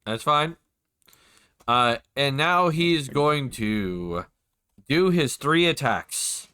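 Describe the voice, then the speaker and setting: A man running a tabletop role-playing game as game master, narrating attacks and rolls in a casual, unhurried way and swearing when flustered. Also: fairly high pitch, animated, sharp tone, clean tone.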